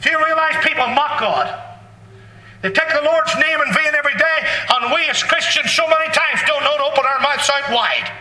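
Fervent high-voiced preacher in an echoey hall. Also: male voice, normal speed. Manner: fervent, blunt and folksy, bursting into shouts. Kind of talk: sermon. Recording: echoey hall, distant mic.

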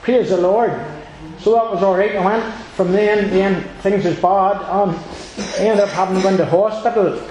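Man, high voice, earnest rambling church testimony, heavy echo, meeting hall. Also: fairly even intonation, normal speed, darkish tone, slight background noise. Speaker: church member giving testimony. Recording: very echoey room.

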